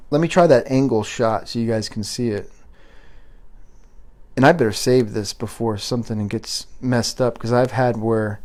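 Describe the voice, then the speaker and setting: A man's voice: medium pitch, darkish tone. A man hosting a live stream, rambling and restarting his sentences as he reads chat and gives an earnest pep talk. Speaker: livestream host reading viewer chat. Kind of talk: unscripted live commentary.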